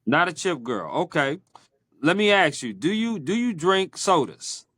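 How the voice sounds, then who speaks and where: A man's voice: on the high side, big pitch swings, fairly bright tone, no echo. Playful male podcast host, dry sound. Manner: playful, teasing, drawn-out questions. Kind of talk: casual interview chat.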